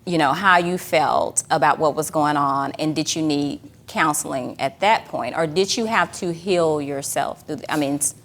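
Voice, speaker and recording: A woman's voice: low-pitched, normal speed, few pauses. A woman hosting a conversational interview, supportive, with frequent short affirmations. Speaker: interview host.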